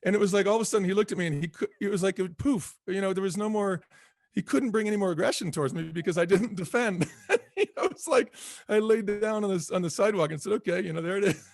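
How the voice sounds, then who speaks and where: A man's voice: high-pitched, animated, quick pace, dry recording. A middle-aged man, a guest author, talking earnestly and reflectively in an interview, often repeating himself and laughing easily. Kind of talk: conversational interview.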